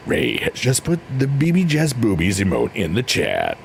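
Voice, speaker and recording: A man hosting a relaxed livestream, chatting playfully and reading out messages from his viewers. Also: mid-range voice, a little slow, vocal fry, a little hiss or hum. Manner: playful, silly, rambling, reads chat aloud. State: drained. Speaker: livestream host. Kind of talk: casual chat with live chat readers. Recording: faint piano music underneath.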